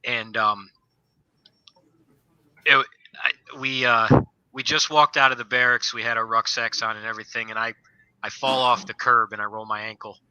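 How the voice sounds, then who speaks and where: Man, very bright forceful tone, dry close sound, former soldier guest, rambling army stories, casual podcast chat. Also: mid-range voice, steady tone, normal speed, long pauses, clear, resonant tone, dry recording, lo-fi sound. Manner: rambling storyteller, leans on "you know".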